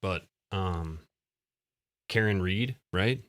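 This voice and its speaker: Low-voiced man chatting on a live stream. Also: drawn-out words, no echo. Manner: chatty, self-deprecating, thinks aloud. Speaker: co-host. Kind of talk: casual live-stream chat.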